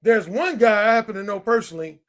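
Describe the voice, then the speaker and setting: A man's voice: sits high, lively intonation, quick pace, fairly bright tone. A man in his fifties, a dating coach, ranting in an emphatic and profane way. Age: 50s. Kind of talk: heated monologue.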